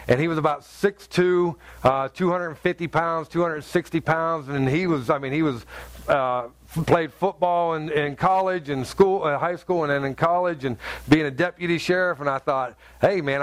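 A man preaching a sermon, telling a personal story in a halting, conversational way full of fillers, then rising to fervent exhortation. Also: fairly high pitch, no echo.

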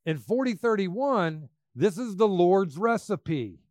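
A man preaching a sermon, emphatic, swinging between loud bursts and quiet asides. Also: sits high, sing-song, slow pace, no room sound, studio quality.

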